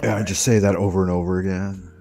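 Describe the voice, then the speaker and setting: A man hosting a casual live stream, telling relaxed stories and swearing casually. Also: sits low, quick pace, soft background music. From United States. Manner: laid-back storyteller, swears casually. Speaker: stream host. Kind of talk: casual chat.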